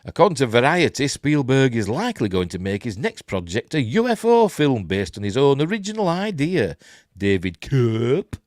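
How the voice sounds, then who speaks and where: Yorkshire man, live-stream news host, rambling chatty commentary, animated voice, dry close sound. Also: medium pitch, moderate pace, no room sound. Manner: rambling, chatty asides while reading articles aloud.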